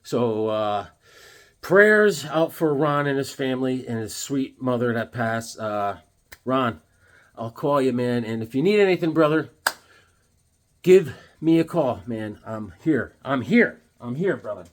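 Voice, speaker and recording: A man's voice: mid-range voice, expressive, measured pace. A man in his fifties talking casually about comic books, rambling and joking with lots of filler words. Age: 50s. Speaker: comic book vlogger. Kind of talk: casual comic review vlog.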